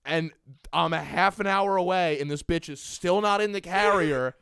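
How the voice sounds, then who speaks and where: A young man co-hosts a comedy podcast. He tells his stories with gusto and acts out what he quotes in a slightly high voice. The sound is dry and close, with no room around it. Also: normal speed, creaky, clear, resonant tone, no echo. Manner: animated storyteller, acts out quotes loudly. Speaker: podcast co-host. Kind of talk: casual comedic chat.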